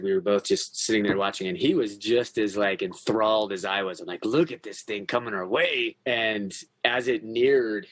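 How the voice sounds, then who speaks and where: A man who is a podcast guest, telling a personal story in a candid, earnest way with frequent swearing. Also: lowish voice.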